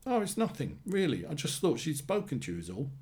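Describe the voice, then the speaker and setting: A hurt young woman in a spoken short story, put on by a male reader who lifts his voice for her. She pleads through tears, her pitch rising and falling a great deal. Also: huge pitch swings, brisk, a little mellow. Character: young adult woman, tearful, loyal to her father.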